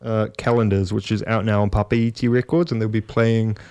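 A man's voice: on the low side, little pitch movement, normal speed, a little mellow, clear, resonant tone, no room sound. A young man hosting a casual student radio show, laid-back and slangy, laughing often. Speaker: radio host.

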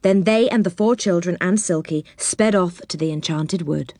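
A woman narrating a children's storybook in a calm, low-key reading voice. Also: normal speed, no room sound, studio quality. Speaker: audiobook narrator.

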